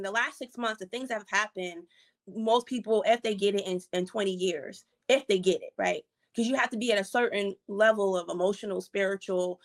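A woman guest telling a personal story in a conversational interview, acting out what others said in lively casual speech. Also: on the high side. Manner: animated storyteller, acts out quotes in casual slang. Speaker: program participant, guest.

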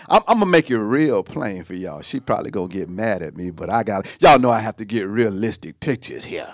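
A man preaching a sermon, animated, with sung lines and sudden drops to a hush. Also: lowish voice, a little fast, few pauses, dry recording, studio quality.

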